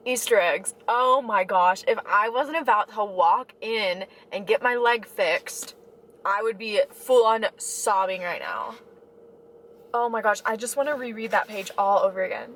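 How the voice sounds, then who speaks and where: A woman's voice: mid-range voice, a little slow. A young woman, gushing dramatically about a book in a casual reading vlog. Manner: gushing, dramatic, breathless with excitement. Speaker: book vlogger. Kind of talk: excitable reading vlog chat.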